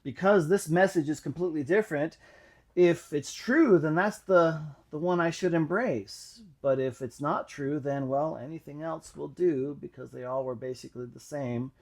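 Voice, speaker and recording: A man telling his own faith story in a reflective, halting way, with many pauses and fillers. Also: on the high side, darkish tone. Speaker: channel host. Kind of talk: personal testimony monologue.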